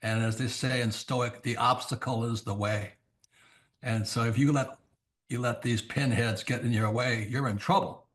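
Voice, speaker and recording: A man's voice: medium pitch, fairly even intonation. Brief: older male guest, plain mid voice, folksy and blunt, acts out the dialogue. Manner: blunt, anecdotal, acts out dialogue in quick bursts. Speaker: guest author and investor. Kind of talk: storytelling in an interview.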